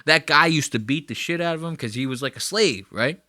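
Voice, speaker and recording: A man's voice: on the high side, brisk, bright, forceful tone, no echo. A man hosting a podcast, riffing crude and profane comedic commentary in a rambling, conversational way on a close mic. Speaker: podcast host.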